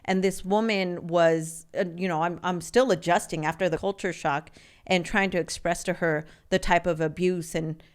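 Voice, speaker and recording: Lady in her 40s from california, guest on a podcast, low smooth voice, open and earnest, restarts a lot. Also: fairly even intonation, moderate pace. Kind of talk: candid personal storytelling.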